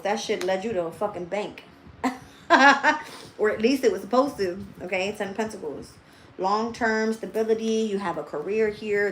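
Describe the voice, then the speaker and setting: Woman, tarot reader, livestream, cusses constantly, blunt, thinking out loud, mid-pitched voice, faint hiss behind. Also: roomy sound, low-quality recording. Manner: blunt and heavily profane; thinks aloud, talking straight to viewers.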